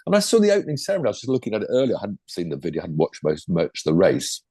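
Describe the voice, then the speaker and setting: This older former racing driver co-hosts a podcast, rambling chattily about motorsport and wandering off into asides. He speaks rapid-fire in a low, mellow, slightly rough voice whose pitch swoops wildly, recorded with no room sound.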